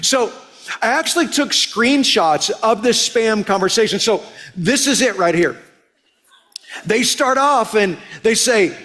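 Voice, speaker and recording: A man's voice: high-pitched, lively intonation, a little slow, a bit bright. A male pastor preaching a sermon, telling a story with animation and acting out both sides of a text exchange.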